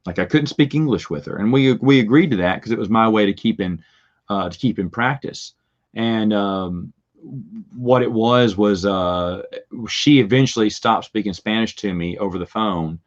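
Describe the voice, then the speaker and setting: A man's voice: fairly low pitch, normal speed. A middle-aged man telling rambling stories with restarts and little chuckles. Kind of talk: casual storytelling. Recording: dull lo-fi recording.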